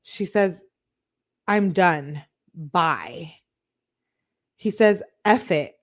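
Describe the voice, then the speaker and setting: A woman's voice: fairly low pitch, lively intonation, very slow, pauses often. A woman hosting a true crime channel, reading text messages aloud in a casual way and breaking off for chatty asides full of fillers.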